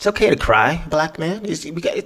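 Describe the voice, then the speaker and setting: Hombre hablando sin filtro, muy malhablado. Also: male voice, a little high, very animated, fairly quick, a bit bright, breathy edge. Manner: profane, emphatic, repeats "right?". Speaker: podcast host. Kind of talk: casual monologue.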